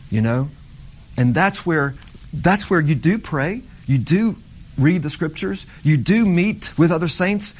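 A middle-aged man preaching an informal sermon in a conversational way that builds to fervent emphasis. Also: fairly high pitch.

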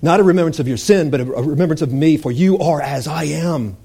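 A man voicing Jesus as a gentle, calm man who speaks softly. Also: a little high, fast talker, creaky, breathy edge, pitched below the performer's own voice. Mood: tender.

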